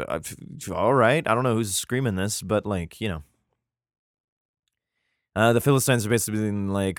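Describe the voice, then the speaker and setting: A man's voice: fairly low pitch, a little fast, no room sound, clean studio sound. Irreverent man reading scripture with crude asides. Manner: crude, sarcastic commentary between archaic verses. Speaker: host reading scripture aloud.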